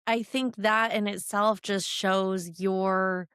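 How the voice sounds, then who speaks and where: A woman co-hosting a podcast, speaking in a warm, affirming way to her guest. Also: mid-range voice, fairly even intonation, takes it slowly, clear, resonant tone, dry recording, studio quality. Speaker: podcast co-host. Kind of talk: casual podcast chat.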